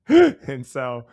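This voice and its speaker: A man in mid-range pitch, talking loosely and jokily as a podcast co-host. His stories ramble and pick up speed when he warms to them. The sound is close and dry, with no room echo. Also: creaky. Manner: rambling, jokey storyteller who speeds up when excited. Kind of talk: casual chat.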